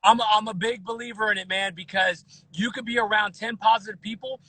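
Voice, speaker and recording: A man in his thirties guesting on a podcast, talking in an animated way with lots of restarts and repeated words. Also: high voice, fairly quick, slightly rough, no echo, rough recording. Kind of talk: casual podcast chat.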